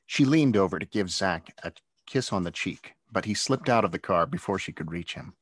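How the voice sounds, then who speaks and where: A man's voice: deep voice, animated, normal speed, few pauses, no echo, studio quality. A man, an author, reading his own children's adventure book aloud as narrator. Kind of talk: storybook read-aloud narration.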